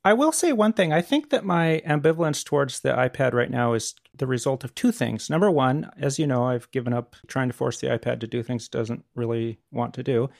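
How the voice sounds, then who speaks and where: A middle-aged man co-hosting a podcast in casual chat, blunt and animated, swearing offhand. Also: mid-range voice, a little fast, creaky, hardly any pauses, no echo, clean studio sound. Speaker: podcast co-host.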